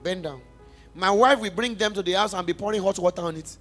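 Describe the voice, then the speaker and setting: A young adult pastor from Nigeria with a Nigerian accent, giving an emphatic, passionate sermon testimony in church. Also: male voice, high-pitched, quick pace, soft background music. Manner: emphatic, passionate preaching with big swings in loudness.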